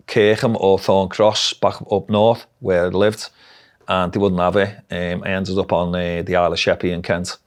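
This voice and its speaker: A middle-aged man with a Liverpool Scouse accent, telling his life story bluntly and frankly in an interview. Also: sits low. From Liverpool, England. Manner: blunt, dialect-heavy, frank. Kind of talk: candid personal storytelling.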